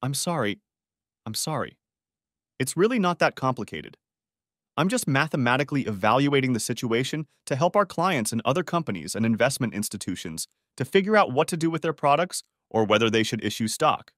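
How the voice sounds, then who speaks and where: A man's voice: mid-range voice, very animated, fairly quick, a bit bright, dry recording, clean studio sound. A man voicing an awkward young man who stammers and apologizes a lot, in a story audiobook. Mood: nervous. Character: awkward young man, nervous and polite, stammers when put on the spot.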